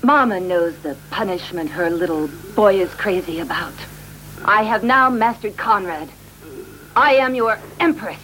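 A woman's voice: medium pitch, expressive, a little slow, a bit bright, a little hiss or hum, rough recording. An actress voicing a cruel, domineering woman in dubbed film dialogue, taunting and commanding.

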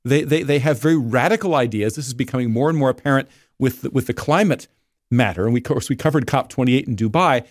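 A man's voice: mid-range voice, quick pace, no echo, studio quality. A man speaking as a guest editor in a casual discussion, digressive and often repeating words as he restarts.

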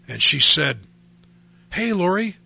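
A man's voice: high voice, big pitch swings, slow, gravelly, sharp tone, husky. A man telling his personal faith testimony in a conversational way, acting out the voices he quotes. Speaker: speaker sharing his testimony.

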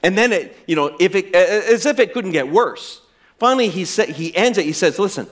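A man preaching a sermon as pastor, swinging from emphatic, raised lines to soft, drawn-out words, then leading a prayer. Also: sits high, expressive.

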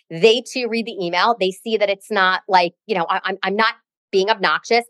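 A woman's voice: mid-range voice, moderate pace, fairly bright tone, no room sound. A middle-aged woman co-hosting a podcast, telling a story in a dramatic, sassy, chatty way. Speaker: podcast co-host. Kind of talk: casual chat, storytelling.

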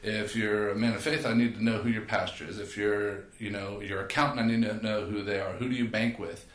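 A man, a podcast guest and personal trainer, telling stories in a casual, animated way and acting out quotes. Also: lowish voice, fairly quick. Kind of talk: casual storytelling. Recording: echoey room.

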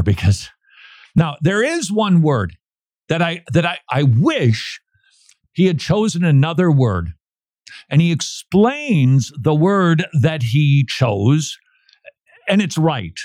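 A male radio host talks on air from a studio in a warm, relaxed tone. His pitch rises and falls all over the place as he comments, chuckling between passages he reads aloud. The sound is close and dry, with no room around it. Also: takes it slowly, no room sound.

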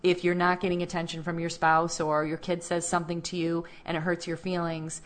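A woman's voice: on the low side, little pitch movement, fairly quick. A woman co-hosting a casual parenting podcast, talking with emphasis and laughing often. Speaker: co-host and parenting coach.

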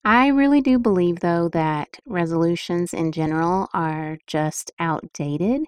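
A woman's voice: lowish voice, measured pace, a little mellow, smooth, dry recording. A middle-aged woman hosting a podcast, talking in a chatty, emphatic and upbeat way as she gives casual motivational advice. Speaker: podcast host.

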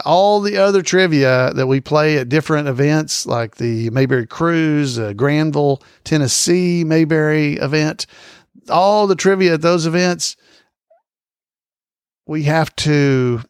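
A man's voice: a little high, no echo, studio quality. A man hosting a casual trivia podcast, repeating each question in a folksy, chuckling way. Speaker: trivia host.

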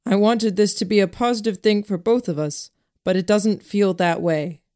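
Woman doing a bubbly eager girl, playful, a bit higher and livelier. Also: normal speed, dark tone, lightly acted.

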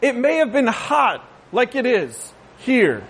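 A pastor preaching a sermon in a conversational way, often checking with listeners and adding jokey asides. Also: male voice, extremely high pitch, wildly swooping pitch, slow pace, a bit bright, slight background noise. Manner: conversational, asks the crowd "right?".

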